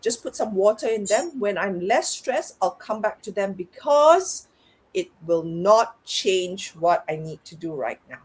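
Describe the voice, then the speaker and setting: A middle-aged woman with a slightly husky, breathy voice speaks as a guest coach. She talks in a candid, reflective way, often voicing her own inner self-talk aloud. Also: medium pitch, animated, unhurried. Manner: reflective, talks herself through things aloud. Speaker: guest, parenting and life coach. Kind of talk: candid conversational interview.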